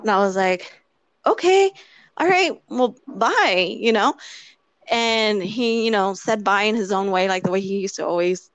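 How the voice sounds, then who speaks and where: A woman's voice: medium pitch, expressive, a little slow, no room sound. Woman interviewee, casual anecdote, filler-heavy delivery, acts out dialogue, dry close recording. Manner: rambling with many "like" fillers. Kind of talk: casual storytelling.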